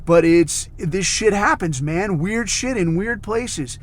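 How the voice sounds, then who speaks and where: This podcast host speaks slowly in a high-pitched, expressive voice, reviewing a film in a loose, rambling solo talk. He swears heavily and keeps dropping "like" and "dude" as fillers.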